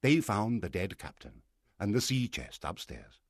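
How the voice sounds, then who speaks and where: Low, husky, expressive male storyteller. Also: unhurried, no echo, clean studio sound. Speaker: audiobook narrator. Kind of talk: storybook reading.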